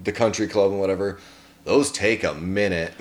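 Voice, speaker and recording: A man's voice: low voice, steady tone, moderate pace. Profane laid-back man reviewing a movie. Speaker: podcast co-host. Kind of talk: casual movie review chat.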